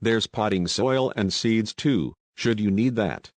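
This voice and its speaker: A man's voice: fairly low pitch, slow pace, no echo. A man voicing a polite, helpful young female store clerk in an audiobook.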